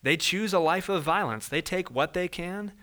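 A man preaching a sermon in a conversational way, walking through verses and acting out everyday scenes in lively voices. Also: high-pitched, moderate pace. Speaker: pastor.

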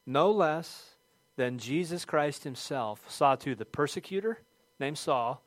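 A middle-aged man preaching a sermon, telling a funny personal story with lively shouted quotes before returning to scripture. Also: a little high, takes it slowly, dry recording. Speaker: pastor.

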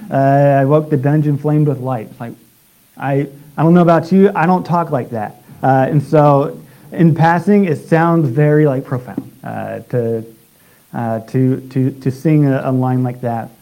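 A man gives a sermon in a hesitant, stop-and-start way, often circling back over his own words. His voice sits at an ordinary middle pitch. The recording sounds dull and muffled. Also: creaky. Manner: halting, many restarts and filler sounds. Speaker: preacher.

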